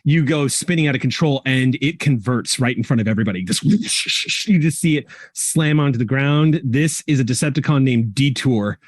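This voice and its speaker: A man running a tabletop game as game master, describing the action vividly and pausing often with "um". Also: medium pitch. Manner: vivid descriptive narration with frequent ums.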